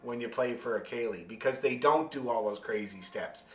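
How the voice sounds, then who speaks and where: A man teaching a fiddle class over a video call, explaining rhythm in a friendly, joking way and singing the beats out loud. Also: mid-range voice, moderate pace, echoey room. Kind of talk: online music lesson, explaining and demonstrating.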